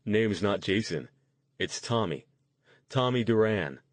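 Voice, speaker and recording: A man voicing a jokey, excited young man who puts on a deeper voice. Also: slow pace, dry recording. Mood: playful. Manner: deepened, playful voice.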